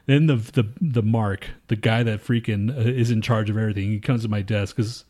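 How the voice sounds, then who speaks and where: A man's voice: fairly low pitch, fairly even intonation, fairly quick, mellow. Rambling, profane man. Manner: rambling, profane, acts out coworkers' voices. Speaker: podcast co-host. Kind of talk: casual chat.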